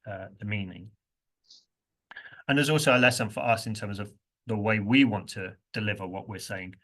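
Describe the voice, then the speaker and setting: A man's voice: medium pitch, fairly bright tone. A man teaching English pronunciation in an online workshop, drilling phrases with strong rhythmic stress. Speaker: workshop trainer.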